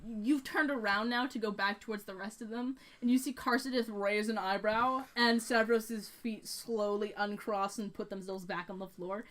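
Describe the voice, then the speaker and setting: A woman's voice: medium pitch, steady tone, normal speed, hardly any pauses, a bit bright. Rambling woman game master. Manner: casual, rambling with many fillers. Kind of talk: narrating a tabletop game.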